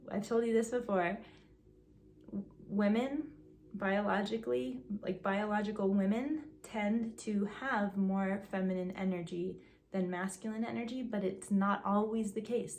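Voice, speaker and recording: A woman talking casually to her viewers in a vlog. She often restarts her sentences and fills gaps with um and like, and she gets a little out of breath when she is excited. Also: mid-range voice, creaky, slight background noise. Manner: chatty, restarts sentences, says um and like. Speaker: video creator.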